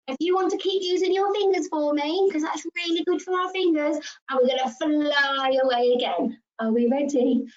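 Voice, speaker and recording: A young woman leading a rhyme time for small children, sing-song and gasping with excitement. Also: sits high, moderate pace, hardly any pauses. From England. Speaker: early years practitioner. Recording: dull lo-fi home video sound.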